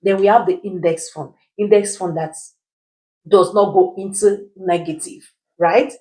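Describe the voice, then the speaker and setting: Woman finance teacher, lower register, quizzes her audience and answers herself. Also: fairly even intonation, a little slow, warm tone, poor audio. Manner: teacherly, poses rhetorical questions and answers them; keeps checking in with "right?". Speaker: personal finance educator. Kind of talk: explainer video.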